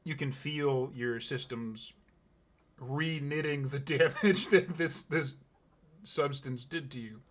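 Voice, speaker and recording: A man, the game master, narrating a tabletop game in a slow, hushed, deliberate way. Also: medium pitch.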